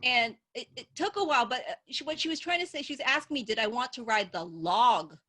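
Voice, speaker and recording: A woman comedian telling stories in a stand-up set over a video call, animated and laughing at her own jokes. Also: on the high side, fairly quick. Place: at home.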